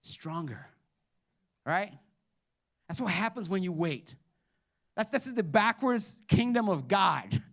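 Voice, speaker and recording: A man with a high voice delivering a sermon in a lively preaching manner. He swings between loud, drawn-out lines and quiet, quick asides, and he keeps calling on the congregation to respond. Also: gravelly. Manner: animated preaching with sudden drops to quiet asides. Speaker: pastor.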